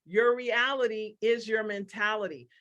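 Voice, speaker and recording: A woman presenting a motivational webinar in an energetic, emphatic way, often repeating key phrases and checking in with "right?". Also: on the high side, moderate pace, dull audio. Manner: energetic and emphatic, acting out quoted remarks in exaggerated voices.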